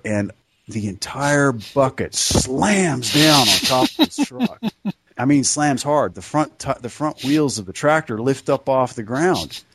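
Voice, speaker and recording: Podcast cohost, middle pitch, lively laughing storyteller, dry close mic. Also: male voice, no room sound. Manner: animated, laughing often while telling a story. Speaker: podcast co-host. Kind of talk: casual storytelling.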